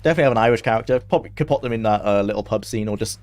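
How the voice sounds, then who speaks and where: A man's voice: fairly low pitch, racing, a little mellow. A young man chatting casually on a game stream, laughing often and talking to his chat.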